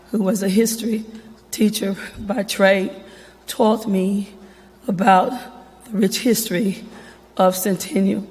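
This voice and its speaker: A woman speaking at a public event, her voice congested from allergies, a bit breathless and informal. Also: mid-range voice. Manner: warm, slightly breathless, informal. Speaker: foundation representative. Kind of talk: public remarks. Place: event hall. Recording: long hall reverb.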